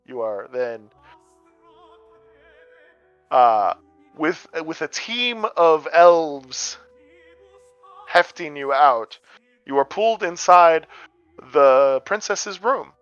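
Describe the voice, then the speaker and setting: A man's voice: on the high side, very animated, very slow, long pauses, a bit bright, smooth, no room sound. A man from the American Midwest running a tabletop game as game master, narrating loosely with plenty of fillers. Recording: dull lo-fi audio, faint music.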